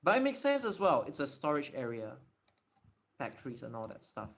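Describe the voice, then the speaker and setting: A man's voice: medium pitch, huge pitch swings, moderate pace, creaky. A man hosting a casual livestream Q&A, thinking aloud and often correcting himself and apologizing. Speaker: livestream host. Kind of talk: casual livestream Q&A while writing.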